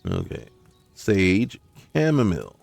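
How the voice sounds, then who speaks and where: A man's voice: deep voice, wildly swooping pitch, slow, gravelly, a little mellow, no echo, soft background music. A man hosting a gaming channel gives casual commentary on his gameplay, talking to himself and crying out in frustration when things go wrong. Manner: talks to himself, exclaims in frustration.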